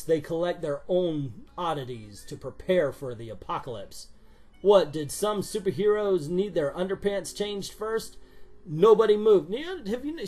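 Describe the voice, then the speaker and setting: A man giving a sarcastic, exasperated comic book review, swearing now and then. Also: on the high side.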